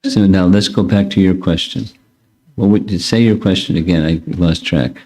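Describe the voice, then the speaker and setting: A man's voice: sits low, moderate pace, dark tone, a little hiss or hum. An older man, a spiritual teacher, answering students' questions in a blunt, curt way. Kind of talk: casual Q&A with students.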